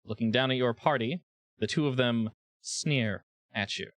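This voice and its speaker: A man narrating as game master of a tabletop game, relaxed and a bit hesitant. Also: mid-range voice, normal speed, dry recording.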